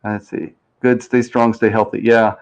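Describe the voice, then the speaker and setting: A man's voice: fairly low pitch, little pitch movement, normal speed, smooth, lo-fi sound. A man hosting a game show live stream, chatting casually and reading out viewer comments. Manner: chatty and rambling, reads chat aloud, plays with pronunciations.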